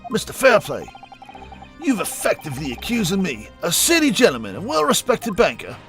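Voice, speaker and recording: A man voicing blustering, indignant gentlemen witnesses in a video game, loud and spluttering. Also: high voice, wildly swooping pitch, normal speed, soft background music, pitched above the performer's own voice, full character voice. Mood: outraged.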